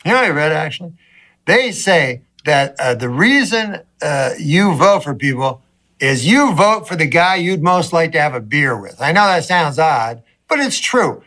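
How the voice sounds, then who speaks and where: A man doing a stand-up routine, rambling in a deadpan way toward a shouted punchline. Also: a little high, moderate pace. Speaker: stand-up comedian.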